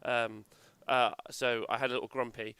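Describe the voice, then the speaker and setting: A man's voice: medium pitch, little pitch movement, normal speed, creaky, pushed and bright, clean tone, no room sound. A male host chatting casually on a live stream, swearing freely and filling gaps with "uh".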